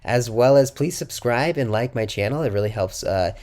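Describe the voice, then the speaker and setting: A man's voice: medium pitch, animated, darkish tone. Upbeat man teaching a casual language lesson. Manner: encouraging, says "muy bien" and "awesome" after each example; reads example sentences slowly and carefully. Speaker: Spanish teacher.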